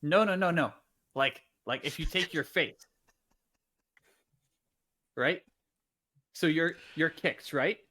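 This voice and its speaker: Rambling, excitable man at the game table. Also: on the high side, takes it slowly, pauses often. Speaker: player. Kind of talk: casual chat.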